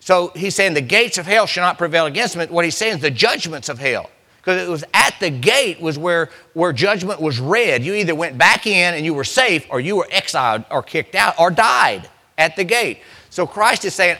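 A man preaching a sermon as pastor, restarting phrases and building to emphatic, slowed punchlines. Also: fairly high pitch, lively intonation, pushed and bright.

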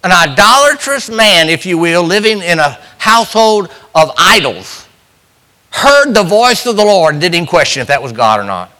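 A middle-aged pastor preaches a sermon in a folksy, emphatic manner, his voice rising and dropping sharply. It sits high with big pitch swings, a sharp tone and normal speed.

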